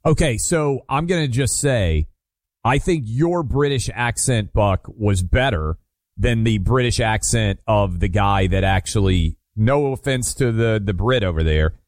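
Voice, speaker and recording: A man's voice: lowish voice, dry recording. A male talk radio host chats with callers and his co-host in a friendly way, often restarting his sentences. The mic sound is close and dry. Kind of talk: casual radio chat.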